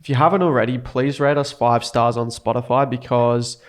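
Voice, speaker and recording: A man's voice: medium pitch, steady tone, moderate pace. A young man co-hosting a podcast, chatty and jokey, with cheeky asides. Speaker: podcast co-host. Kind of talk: casual chat.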